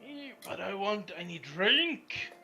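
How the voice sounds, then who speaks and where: Brief: a sloppy, drunk tavern lout who slurs loud demands in a raised, pushy voice, put on by a man running the game. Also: high voice, big pitch swings, takes it slowly, creaky, highs cut off, soft background music, pitched above the performer's own voice, full character voice. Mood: demanding. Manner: slurred, belligerent, shouting. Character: brawling, drunken, shabby male tavern drunk.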